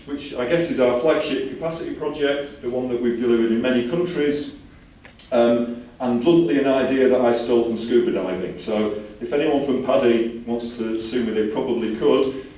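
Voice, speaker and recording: Male conference speaker from the UK, lively and jokey, mellow tone, distant mic in a roomy hall with faint ambience. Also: mid-range voice. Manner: enthusiastic, chatty, jokey asides. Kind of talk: conference talk.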